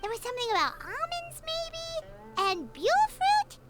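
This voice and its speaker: A woman's voice: very high voice, wildly swooping pitch, unhurried, full character voice. A woman voicing a tiny, chatty fairy-girl companion in a video game who talks about herself in the third person. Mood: chirpy curious. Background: game music.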